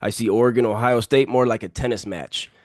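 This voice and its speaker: A man's voice: mid-range voice, fairly even intonation, fairly quick, darkish tone, no echo, clean studio sound. A man co-hosting a casual sports podcast, giving confident, emphatic picks and repeating himself for emphasis. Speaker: podcast co-host.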